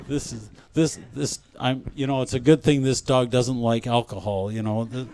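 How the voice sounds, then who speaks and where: A man giving a spiritual talk at a conference, speaking gently and reflectively and often repeating his phrases. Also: medium pitch, fairly even intonation, moderate pace, some chatter behind.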